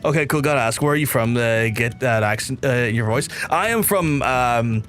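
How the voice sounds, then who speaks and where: A man from Belfast with a softened Belfast accent, streaming a game and chatting casually with viewers in a rambling way, repeating phrases and swearing now and then. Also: medium pitch, moderate pace, faint music behind. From Belfast, Northern Ireland. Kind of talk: casual livestream chat with viewers.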